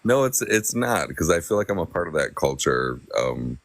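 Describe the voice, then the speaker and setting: Man, very low voice, dry close sound, rambling casual talk. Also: very animated, moderate pace, dry recording. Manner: rambling, thoughtful, many fillers. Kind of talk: casual chat.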